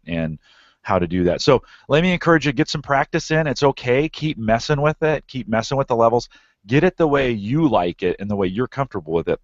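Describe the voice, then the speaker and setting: A man's voice: lowish voice, no room sound, lo-fi sound. A man hosting a podcast advice show, coaching a caller with encouraging, repeated tips. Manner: encouraging, repeats phrases for emphasis.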